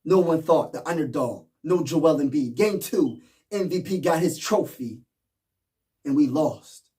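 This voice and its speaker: A man's voice: on the high side, animated, a little slow, warm tone, recorded from a distance. A man vlogging as a sports fan, rallying viewers with slangy, repetitive hype. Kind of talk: hyped fan commentary.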